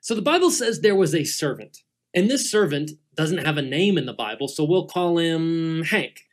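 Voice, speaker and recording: A middle-aged man, a guest teacher, telling a Bible story to children dramatically and dropping to hushed tones for suspense. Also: on the high side, expressive, moderate pace.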